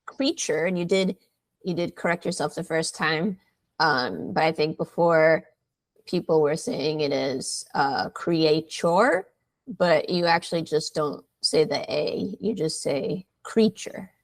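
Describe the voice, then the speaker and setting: A woman's voice: low voice, slow pace. A woman tutoring English vocabulary, explaining patiently with many fillers. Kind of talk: slow, careful vocabulary teaching.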